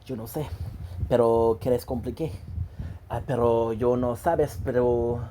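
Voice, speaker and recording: Slow, mellow-voiced joking man. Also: medium pitch, steady tone, slight background noise, poor audio. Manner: playful, jokey, drifts between topics; drops in stray French and Spanish phrases. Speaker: gaming streamer. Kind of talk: casual rambling monologue.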